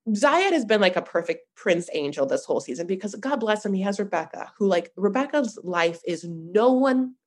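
Animated gossipy young woman host. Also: medium pitch, normal speed, hardly any pauses. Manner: animated, gossipy, lots of fillers. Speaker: podcast host. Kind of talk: casual chat recapping a reality show.

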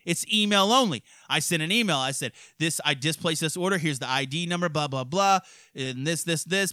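A man hosting a casual podcast from his studio, ranting and swearing constantly with loud outbursts. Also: on the high side, no echo. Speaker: podcast host. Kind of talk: profane ranting podcast chat.

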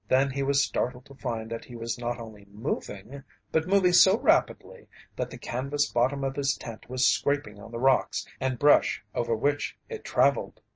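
A man reading a story aloud as an audiobook narrator, in a steady, even manner. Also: medium pitch, normal speed, husky, low-quality recording. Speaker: audiobook reader.

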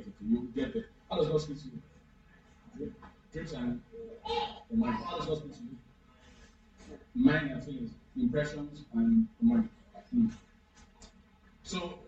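A man's voice: a little high, darkish tone. Male pastor, interactive sermon, keeps pressing the congregation with questions; echoey hall, dull sound. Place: church hall. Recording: echoey, distant, dull room recording.

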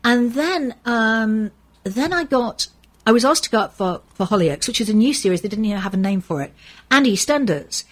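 A woman's voice: a little high, animated, normal speed. An older English woman chatting as an interview guest. She talks in a rambling, storytelling way, full of ums and restarts. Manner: chatty, anecdotal, with frequent fillers and restarts. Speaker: soap actress guest. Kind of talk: casual interview chat.

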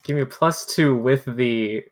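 A woman playing a tabletop game, blunt and quick to swear. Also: very deep voice. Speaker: player. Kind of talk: casual tabletop play.

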